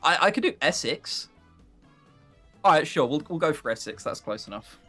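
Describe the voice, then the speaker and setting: A man's voice: on the high side, sing-song, moderate pace, bright, forceful tone, faint music behind. A young man from Sussex with a southern English accent, hosting a game stream in casual, joking chat and laughing often. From Sussex, England. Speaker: let's play host.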